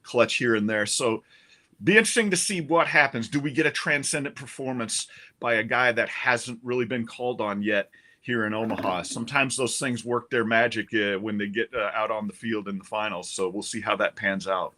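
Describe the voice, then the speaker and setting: Bright-toned sports writer thinking aloud. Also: male voice, medium pitch, a little fast. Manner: conversational, thinking aloud with restarts. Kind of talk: casual sports analysis.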